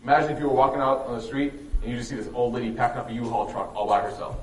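A man's voice: mid-range voice, rapid-fire. A man telling a religious story to a live audience, joking and quizzing them as he goes, heard in an echoey room from a distant mic. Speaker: youth speaker.

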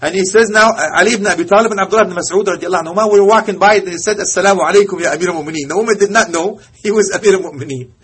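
A man preaching a storytelling sermon in a high, husky voice. He speaks with passion, often sinks to a near-hush, and mixes Arabic phrases into his English. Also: racing, hardly any pauses.

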